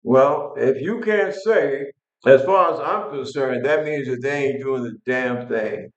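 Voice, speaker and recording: A man's voice: mid-range voice, unhurried, reverberant, muffled recording. An older man from New York, angry and blunt, ranting casually to his viewers with frequent restarts. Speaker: vlog host. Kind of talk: casual political rant to camera.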